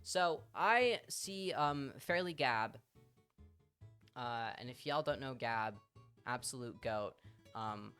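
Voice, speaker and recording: Streamer, casual storytelling, lively swinging delivery, faint music underneath. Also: medium pitch, slow, clear, resonant tone. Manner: chatty, swears freely, animated story delivery.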